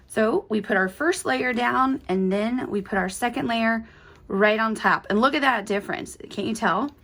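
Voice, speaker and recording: A woman's voice: on the high side, normal speed, a bit bright. A young woman, hosting a quilting tutorial in an upbeat, chatty way with playful little asides. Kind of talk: casual step-by-step tutorial.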